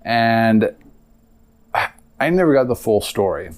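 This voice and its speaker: A man's voice: mid-range voice, sing-song, measured pace. A young man hosting a podcast, telling a personal story in a rambling, casual way with lots of asides. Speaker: podcast host.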